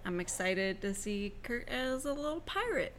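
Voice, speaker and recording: A woman's voice: medium pitch, expressive, fairly bright tone, a little hiss or hum. A woman co-hosting a podcast, chatting casually about comics with many fillers. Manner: chatty, uses fillers, quick to laugh. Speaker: podcast co-host.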